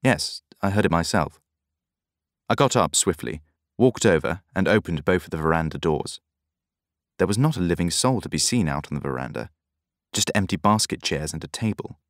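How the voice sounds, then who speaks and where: A man reading a novel aloud in measured first-person narration. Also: low-pitched, lively intonation, dry recording, clean studio sound. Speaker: audiobook narrator.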